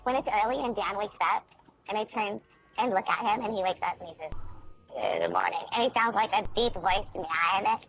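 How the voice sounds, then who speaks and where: A woman's voice: mid-range voice, brisk, a bit bright. A woman trading brash, vulgar, mocking banter in a crude teasing phone exchange.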